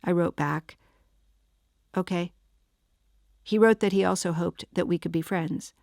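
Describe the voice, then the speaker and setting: A woman narrating a first-person audiobook with a wry, deadpan comic delivery. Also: on the low side, moderate pace, gravelly, no room sound, studio quality.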